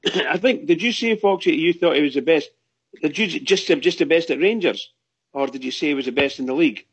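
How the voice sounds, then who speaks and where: A man's voice: fairly high pitch, a little fast, husky, lo-fi sound. A man co-hosting a fan radio show, chatting in a rambling, enthusiastic way. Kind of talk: casual chat.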